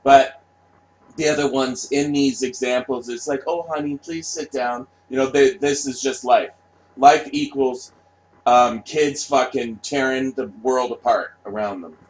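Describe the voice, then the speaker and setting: A man's voice: mid-range voice, steady tone, a little slow, low-quality recording. A man ranting bluntly in a solo monologue. He swears freely, repeats himself and keeps asking "right?". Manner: profane, blunt, repetitive, asks "right?" often. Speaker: vlogger.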